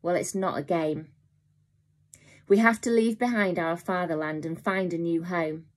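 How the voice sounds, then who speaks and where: A woman's voice: fairly low pitch, steady tone, a little slow, lightly acted. A woman voicing a serious, protective older boy who speaks urgently.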